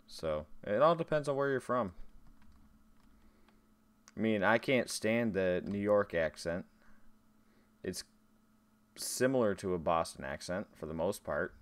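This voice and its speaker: A man's voice: lowish voice, clean tone, no echo. A man streaming a game, chatting casually with his viewers between tasks. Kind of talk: casual live-stream chat while gaming.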